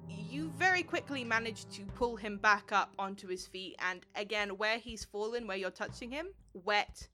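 A woman narrates a tabletop game as game master in a friendly manner. Her voice is bright and sharp. Faint music plays underneath. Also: mid-range voice, normal speed, hardly any pauses.

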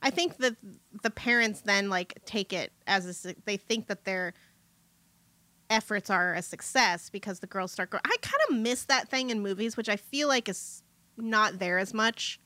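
Bright, chatty woman discussing a movie. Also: medium pitch, lively intonation, moderate pace, no echo. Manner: chatty, laughs often, trails off and restarts. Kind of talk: casual chat about a movie.

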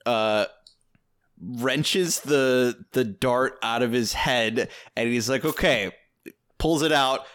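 A man co-hosting a film podcast, retelling scenes in a relaxed way with lots of fillers. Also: mid-range voice, slow pace. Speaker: podcast co-host. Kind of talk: casual chat.

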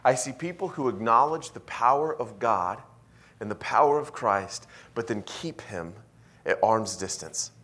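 A pastor preaches to his congregation in an unhurried, medium-pitched voice, narrating a story. He shifts dramatically from quiet, intimate moments to loud, forceful declarations.

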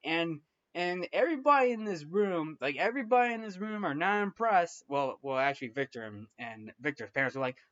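A man rambles through a casual film recap and restarts his sentences often. His voice sits a little high. The recording is dull and lo-fi. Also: animated, brisk, a bit bright. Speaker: film reviewer.

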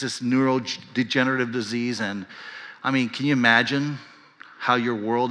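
A man's voice: medium pitch, fairly bright tone, in a large hall. A pastor in his fifties preaching a sermon, telling a story earnestly and building to impassioned emphasis. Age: 50s.

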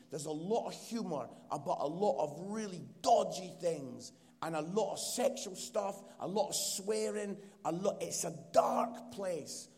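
A man's voice: high-pitched, a little mellow. Scottish man preaching with a joking manner. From Scotland, Edinburgh. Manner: chatty and teasing, with many fillers. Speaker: guest preacher and comedian. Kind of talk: casual, joking sermon talk. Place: church hall. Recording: long hall reverb.

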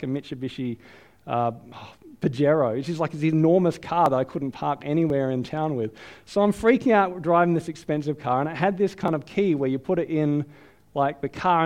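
An Australian man preaching a sermon, telling a self-deprecating story in a lively, chatty way. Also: on the high side. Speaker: pastor. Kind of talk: sermon with personal anecdote.

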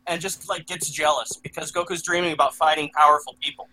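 A man's voice: fairly high pitch, steady tone, quick pace, pushed and bright, rough recording. A man co-hosting a casual podcast, rambling and joking. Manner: rambling, jokey. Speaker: podcast co-host. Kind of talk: casual chat.

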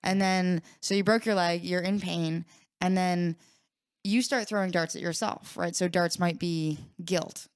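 Low, smooth-voiced woman explaining casually. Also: steady tone, measured pace, no echo, studio quality. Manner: explains with frequent "right?" tags and examples; acts out an anxious inner voice in examples. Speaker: podcast co-host. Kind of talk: casual recovery workshop talk.

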